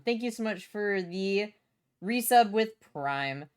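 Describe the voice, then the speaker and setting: A woman's voice: mid-range voice, moderate pace, clear, resonant tone. A young adult woman streaming casually from home, bubbly, swearing freely and reading chat aloud.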